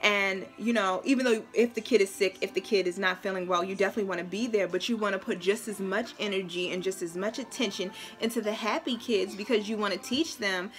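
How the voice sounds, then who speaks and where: A woman's voice: medium pitch, fairly bright tone. A woman in her thirties with a Brooklyn accent, talking frankly and emphatically in a casual family vlog. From Brooklyn, New York. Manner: frank, emphatic, scolding her small son playfully. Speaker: mom vlogger.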